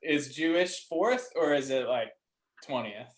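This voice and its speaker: A man's voice: mid-range voice, animated, measured pace. A man wisecracking in a casual chat on a video call.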